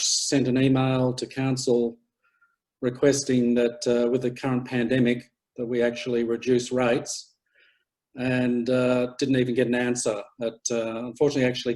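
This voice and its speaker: A man in his fifties from Australia who is a council candidate, introducing himself over a video call in a halting way, with many fillers and dry asides. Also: mid-range voice, a little mellow, low-quality recording. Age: 50s. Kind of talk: casual campaign introduction.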